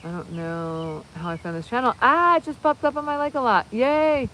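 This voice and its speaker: A woman in her fifties hosting a casual livestream, reading viewer comments in a rambling, excitable way with many fillers and restarts. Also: fairly high pitch, moderate pace, noisy background. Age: 50s. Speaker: livestream host.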